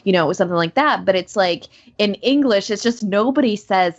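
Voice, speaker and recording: A woman voice actor chatting casually, animated and full of fillers. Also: medium pitch, brisk. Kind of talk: casual podcast chat. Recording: dull lo-fi sound.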